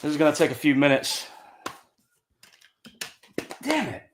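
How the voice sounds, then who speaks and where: A man co-hosting a live stream who mutters under his breath and swears freely. His pitch swings around, and he sounds like he is in an echoey room with a faint hiss of noise behind him. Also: very animated, a little slow. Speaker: co-host. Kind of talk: casual live stream chat.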